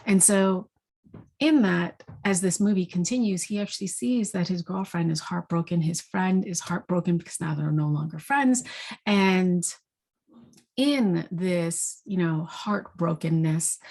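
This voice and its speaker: A woman giving a spiritual talk, retelling a movie story in an animated way with many "you know"s and "right?"s. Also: fairly low pitch, breathy edge. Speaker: intuitive energy forecaster.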